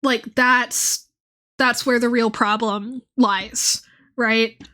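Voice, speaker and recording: A woman's voice: on the high side, steady tone, drawn-out words, bright, forceful tone. A young woman streaming and chatting casually, rambling with lots of fillers and swearing. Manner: rambling, profane, many fillers.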